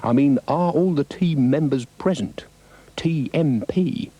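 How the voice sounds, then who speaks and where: A man putting on a pompous, self-important dog from a children's story, raised in pitch and mellow in tone, with soft music faint behind him. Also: slow, no echo. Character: pompous, greedy male dog.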